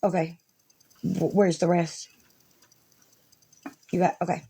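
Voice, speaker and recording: A woman's voice: lowish voice, little pitch movement, slow, creaky, mellow, breathy edge. A woman vlogger talking casually and rambling, with frequent swearing and fillers as she reads through messages. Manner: rambling, profane, many fillers. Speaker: vlogger reading messages aloud. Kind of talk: casual storytelling.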